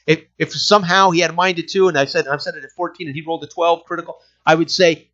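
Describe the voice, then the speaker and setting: A man hosting a casual talk about game design, animated and profane, acting out scenes from the gaming table in quick asides. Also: on the high side. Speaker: game designer and podcast host. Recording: dull lo-fi recording.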